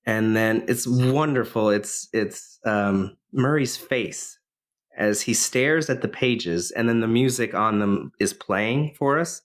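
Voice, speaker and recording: A man's voice: on the low side, takes it slowly. A man co-hosting a podcast, casually retelling a film's plot with lots of fillers and restarts. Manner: rambling, many fillers and restarts. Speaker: podcast co-host.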